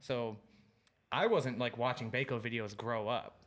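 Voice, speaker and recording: A man's voice: medium pitch, steady tone, unhurried, fairly bright tone. A man in his thirties from Illinois, a guest on a podcast, chatting casually and telling stories with a lot of swearing. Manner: laid-back, swears a lot, tells stories with quoted exchanges. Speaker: podcast guest, pro BMX rider. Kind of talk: casual chat.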